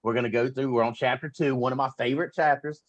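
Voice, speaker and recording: Fast-talking upbeat male host. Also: mid-range voice, steady tone, highs cut off. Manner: rapid, upbeat, promotional. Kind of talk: motivational talk.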